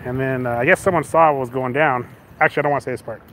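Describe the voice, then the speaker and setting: A man's voice: mid-range voice, very fast, a little hiss or hum, rough recording. A man casually telling a story, acting out the voices of the people in it, often laughing. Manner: animated, acts out both sides with shouted quotes. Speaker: vlogger.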